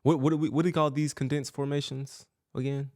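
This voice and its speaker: A man hosting a podcast, breaking down football film in a coaching way, explaining step by step with quick self-corrections. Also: medium pitch, little pitch movement, darkish tone. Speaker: podcast host.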